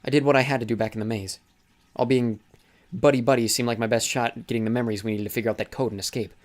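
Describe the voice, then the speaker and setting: A man reading an audiobook who voices a calm, scheming teenage girl, speaking evenly and coolly. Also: mid-range voice, racing, close to an everyday voice. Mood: coolly apologetic. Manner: calm, cool and condescending.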